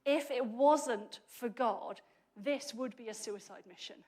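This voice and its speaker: A woman preacher giving a chatty, humorous sermon, often correcting herself mid-sentence as she goes. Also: on the high side. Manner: lively, chatty and humorous, with quick self-corrections.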